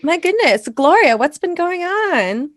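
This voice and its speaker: A woman's voice: extremely high pitch, sing-song, unhurried, no echo, studio quality. A woman co-hosting an improvised comedy show, gushing and bubbly. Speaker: co-host. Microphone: video call.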